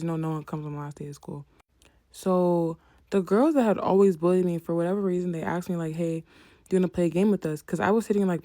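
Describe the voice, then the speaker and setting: Soft, hesitant young woman telling a story. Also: fairly low pitch, dry recording, clean studio sound. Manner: soft, hesitant, many "like" fillers. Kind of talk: casual storytime.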